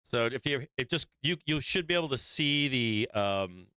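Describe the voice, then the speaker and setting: A man's voice: medium pitch, lively intonation, moderate pace, pushed and bright, clean tone, no room sound. A man hosting a live stock market show, giving blunt and profane trading commentary with frequent emphatic swearing and laughs between points.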